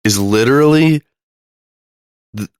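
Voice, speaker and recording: A man's voice: mid-range voice, takes it slowly, clear, resonant tone, dry recording, clean studio sound. A man co-hosting a podcast, making laid-back remarks in casual chat. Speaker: podcast co-host.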